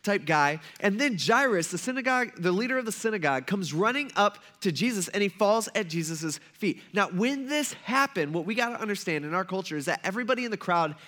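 A man preaching a casual sermon, retelling a story with animated asides and acting out the characters' lines. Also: high voice, brisk, hardly any pauses. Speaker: pastor.

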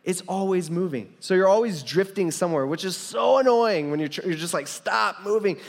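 A man's voice: high voice, expressive, a little fast, darkish tone. Casual young male preacher in a reverberant hall. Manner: casual, rambling storytelling with many fillers and restarts. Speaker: pastor. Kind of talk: sermon with personal story.

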